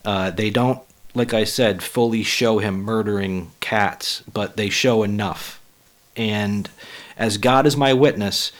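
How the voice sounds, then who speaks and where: A man hosting a solo podcast, blunt and profane, with a raspy voice as he gets over the flu. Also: lowish voice. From Western Massachusetts. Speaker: podcast host and comedian. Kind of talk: casual solo podcast talk.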